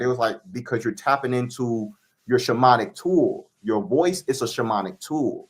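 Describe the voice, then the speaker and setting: A man, a spiritual reader, answering interview questions in a calm, declarative teaching manner. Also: medium pitch, moderate pace.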